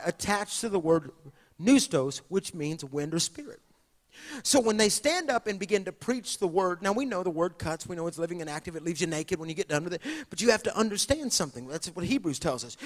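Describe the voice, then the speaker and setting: A man preaching a sermon as pastor, swinging from hushed asides to shouted preaching. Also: sits high. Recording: long hall reverb.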